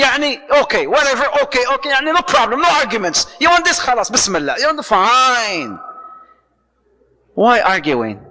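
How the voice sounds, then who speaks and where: A man giving a lively sermon on marriage as a preacher, telling stories, acting out the people in them and mixing in Arabic phrases. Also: extremely high pitch, normal speed, in a large hall, poor audio. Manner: lively storytelling, acts out quoted voices, mixes in Arabic phrases.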